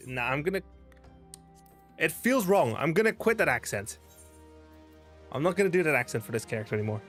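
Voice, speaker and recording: A man's voice: fairly high pitch, animated, a little fast, pauses often, fairly bright tone, soft background music. A man streaming a game, thinking aloud and chatting casually between reading quest text. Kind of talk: casual let's play commentary.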